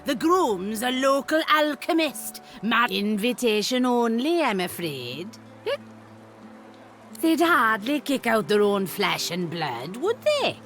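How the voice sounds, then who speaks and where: A tipsy, self-important dwarf lady who slurs and huffs with indignation. Her voice sits high and bounces widely in pitch, drawled out slowly, over faint game music. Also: big pitch swings, fairly bright tone, heavily acted. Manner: slurring, giggly, indignant. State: drunk. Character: drunk, giggly dwarf woman, well-dressed and self-important. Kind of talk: video game voice acting.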